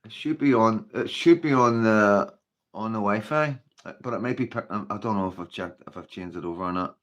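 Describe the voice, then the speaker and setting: A man with a Northern Irish accent hosts a casual livestream and talks to his viewers in a rambling, easygoing way. His voice sits a little low, and he leans on fillers like "you know" and "like". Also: a little fast, lo-fi sound. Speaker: livestream host.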